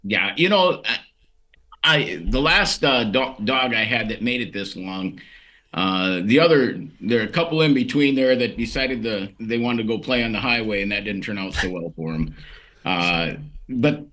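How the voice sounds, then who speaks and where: A man's voice: lowish voice, expressive, moderate pace, sharp tone. A man speaking as a guest on a talk show, plain-spoken and subdued in casual conversation. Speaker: guest, state senator.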